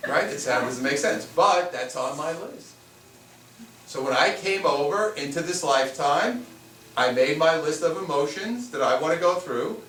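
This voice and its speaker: A man's voice: fairly high pitch, lively intonation, normal speed, a bit bright. A man, a spiritual teacher, teaching a live seminar in a conversational way and firing rhetorical questions at the room. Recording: echoey room, far from the mic, faint hiss.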